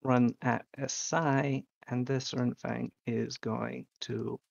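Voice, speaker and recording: Slow, gravelly tabletop game master. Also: medium pitch, level tone, no echo, muffled recording. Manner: earnest, deliberate scene narration.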